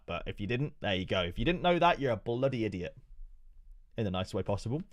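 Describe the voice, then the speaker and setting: A man live-streaming, reading an announcement aloud and breaking off to joke and swear. His pitch swings widely as he talks. The sound is close and dry with no room around it. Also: fast talker, dry recording. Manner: excitable and profane, joking asides between read passages.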